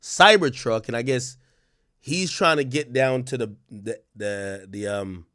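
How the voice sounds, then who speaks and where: A young Jamaican man with a Jamaican accent hosts a livestream, telling profane stories in casual commentary and restarting often. His medium-pitched, fairly bright voice is unhurried, recorded dry with studio quality.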